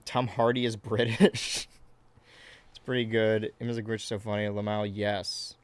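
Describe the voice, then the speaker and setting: A man's voice: fairly low pitch, little pitch movement, normal speed, clear, resonant tone, no room sound. A man streaming a video game in casual commentary, rambling, swearing freely and reading chat questions aloud. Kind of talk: casual let's-play commentary.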